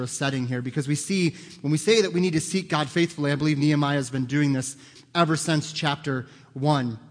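Male pastor, fairly high voice, earnest conversational sermon, long hall reverb. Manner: earnest, conversational preaching with personal stories.

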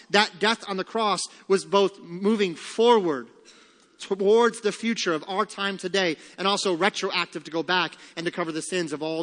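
A man's voice: high voice, fairly bright tone, long reverb tail. A man preaching a sermon as pastor, emphatic, repeating key lines and asking rhetorical questions.

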